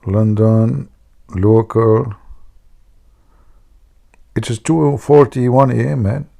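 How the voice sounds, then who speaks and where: A man's voice: mid-range voice, very slow, creaky, mellow. A man hosting a live stream, teasing his viewers and telling jokes in a mocking way. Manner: mocking, teasing, jokey asides.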